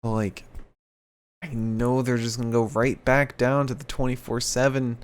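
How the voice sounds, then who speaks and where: A young man co-hosting a podcast, chatting casually through a wrestling recap and acting out the quotes with animated put-on voices. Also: mid-range voice, normal speed, smooth. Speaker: podcast co-host.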